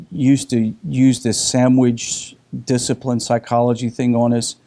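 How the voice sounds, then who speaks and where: A middle-aged man teaching in a casual group discussion, telling lively stories with frequent restarts. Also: medium pitch. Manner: animated storyteller with frequent restarts.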